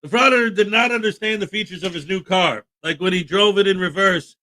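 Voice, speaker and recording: A man's voice: sits high, brisk, pushed and bright. A man hosting a casual morning livestream, upbeat and jokey, greeting viewers by name. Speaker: host.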